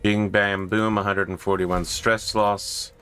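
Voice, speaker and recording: A man with a very low, deep voice talks through a strategy game in a loose, casual way, tossing in joking and self-mocking asides. Faint music plays quietly beneath him. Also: level tone, slow pace, smooth. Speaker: gaming video host. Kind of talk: casual gameplay commentary.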